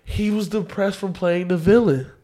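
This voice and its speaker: High-voiced young man, joking and argumentative. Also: fairly even intonation, moderate pace, warm tone. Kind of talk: casual chat.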